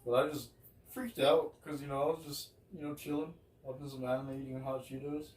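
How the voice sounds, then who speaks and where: A young man co-hosts a podcast, trading laid-back, slangy stories in a casual chat among friends. His medium-pitched voice is level, brisk, and darkish. The mic sounds distant in a roomy space, with faint hiss.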